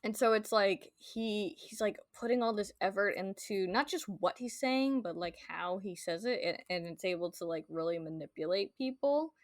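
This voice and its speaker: A woman's voice: mid-range voice, normal speed, few pauses, no echo, clean studio sound. A woman hosting a podcast, chatting casually about a book and reading passages aloud, with many filler words. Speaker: podcast host.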